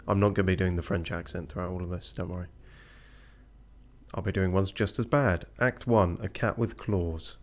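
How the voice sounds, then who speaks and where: Dry low-voiced man streaming a game. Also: fairly even intonation, moderate pace, soft background music. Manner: dry, self-mocking, hesitant with many fillers. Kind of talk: casual let's-play commentary.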